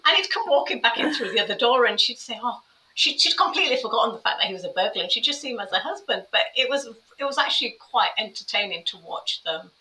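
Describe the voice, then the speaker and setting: A middle-aged woman, a carer, telling her life story in an interview, animated and quick when she describes a scene. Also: fairly high pitch, far from the mic. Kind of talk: personal storytelling in conversation. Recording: roomy echo, voice a bit off-mic.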